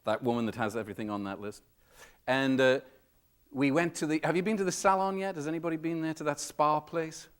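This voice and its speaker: A man's voice: a little fast, smooth. A man giving a comedic storytelling talk to a live audience, acting out the people in his stories with big jumps in his voice. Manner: animated, acts out customers and staff with big pitch jumps. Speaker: keynote speaker. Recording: reverberant hall.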